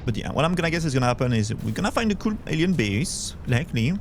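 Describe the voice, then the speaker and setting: A man's voice: mid-range voice, sing-song, quick pace, a little hiss or hum. A young man with a Belgian French accent, chatting casually as he streams a game and answers his chat. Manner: chatty, thinks aloud, reads chat. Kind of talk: casual gameplay commentary.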